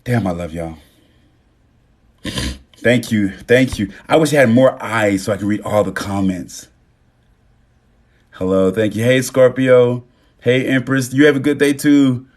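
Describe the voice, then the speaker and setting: A man's voice: mid-range voice, unhurried, long pauses. Guy on a phone livestream, emotional and sweary, thanking everyone by name. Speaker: livestream host. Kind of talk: casual live-stream chat.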